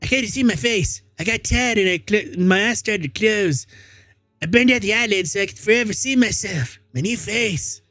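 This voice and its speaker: A man's voice: sits high, normal speed, pushed and bright, no echo, soft background music, voice pushed up. A man voicing an insane young boy who speaks in a sweet, childlike, sing-song way. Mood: eerie sweet. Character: creepy cheerful boy gone insane.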